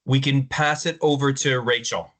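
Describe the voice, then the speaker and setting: Upbeat male school administrator, bright tone, virtual meeting host. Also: medium pitch, steady tone, moderate pace. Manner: upbeat, with fillers. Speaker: assistant superintendent. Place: video call.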